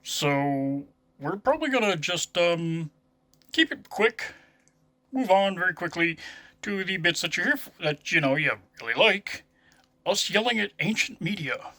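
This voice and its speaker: A man's voice: sits high, lively intonation, measured pace, bright, forceful tone, dry recording. A man giving a loose, irreverent intro and riffing jokes over an old film. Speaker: comedy riffer host.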